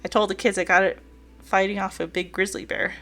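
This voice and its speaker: A woman's voice: mid-range voice, level tone, fairly quick, a bit bright, faint music behind, natural voice. A woman voicing a folksy, joking older male boat owner with a light put-on Southern drawl while reading a dating game aloud. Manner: teasing, folksy storytelling.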